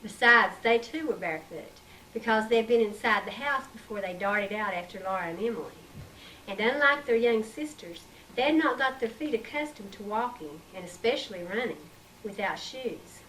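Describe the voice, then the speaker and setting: A woman reading her own story aloud in a measured, expressive way, recorded on an old tape. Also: a little high. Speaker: author reading her book. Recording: distant mic, faint hiss, 1990s tape.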